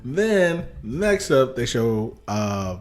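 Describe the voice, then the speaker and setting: Animated man in casual podcast chat. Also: medium pitch, very slow, soft background music. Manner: animated, swearing, acts out his own reactions. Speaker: podcast co-host.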